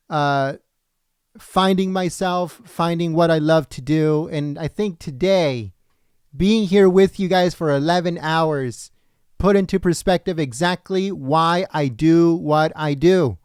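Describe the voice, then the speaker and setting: A man's voice: fairly high pitch, slow pace, a little mellow, smooth, dry recording, clean studio sound. A man hosting a political livestream, speaking earnestly and directly to his viewers, his voice tired after a long broadcast. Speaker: livestream political commentary host. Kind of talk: casual livestream sign-off.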